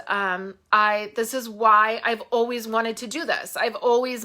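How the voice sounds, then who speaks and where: Craft-channel host, female, bright tone, heartfelt rambling chat into a phone. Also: on the high side. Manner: candid, heartfelt, rambling with fillers. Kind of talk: casual live-stream chat.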